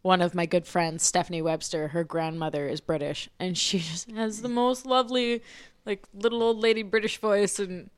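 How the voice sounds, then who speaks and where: A bubbly, giggly woman in a casual podcast chat, gushing about the things she loves. Her voice sits fairly low for a woman, and the recording is dry and close. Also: fairly even intonation, normal speed, smooth, dry recording.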